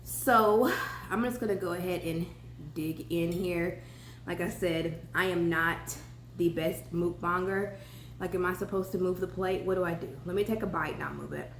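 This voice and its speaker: A woman's voice: fairly low pitch, normal speed. Young Southern woman, casual mukbang vlogger, talks through bites, echoey kitchen room with faint hum. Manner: chatty, talks with mouth full. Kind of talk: casual mukbang chat while eating. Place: home kitchen.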